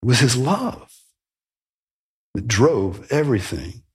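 A man's voice: mid-range voice, sing-song, takes it slowly. A man preaching a sermon, emphatic, with rhetorical questions and sudden rises in emphasis. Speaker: pastor.

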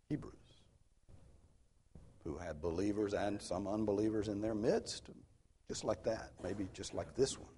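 A man's voice: deep voice, a little mellow, slight background noise. A man preaching an expository sermon, earnest and emphatic, posing rhetorical questions as he teaches. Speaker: pastor.

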